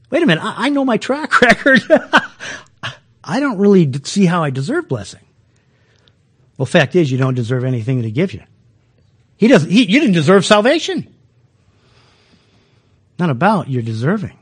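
A man gives a relaxed, conversational sermon in a high voice. He chuckles often and trips over restarts, talking to his listeners like friends. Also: normal speed, long pauses, breathy edge. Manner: folksy, chuckling, many restarts. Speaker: preacher.

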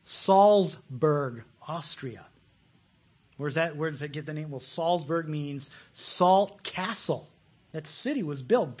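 Man, preacher, folksy sermon, high husky voice. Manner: folksy, animated, laughs often, repeats words.

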